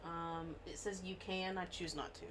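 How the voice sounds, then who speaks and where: A woman playing a tabletop game, speaking quietly and matter-of-factly. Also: fairly low pitch, fairly even intonation, moderate pace. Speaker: player. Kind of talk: casual tabletop game talk. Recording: noisy background.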